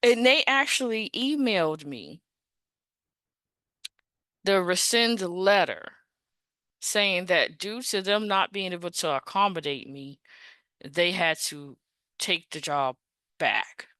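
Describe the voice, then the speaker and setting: Woman, podcast host, lowish voice, dry close sound; casual animated storyteller who acts out dialogue. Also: slow pace, pauses often, dry recording. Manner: animated, acts out both sides of conversations; conversational, frequent "like" and "you know".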